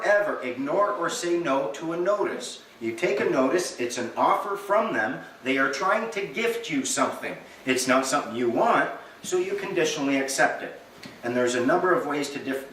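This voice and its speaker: Animated male lecturer in an echoey room. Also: medium pitch, moderate pace, slight background noise. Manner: animated, acts out little dialogues with humor. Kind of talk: lecture to a live audience. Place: meeting room with an audience. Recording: echoey room, recorded from far off.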